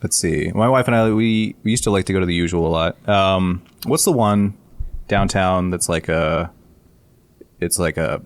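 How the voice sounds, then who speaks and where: A man's voice: low-pitched, normal speed. A man talking casually as a guest on a podcast in a studio, laid-back and self-deprecating, laughing often. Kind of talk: casual chat.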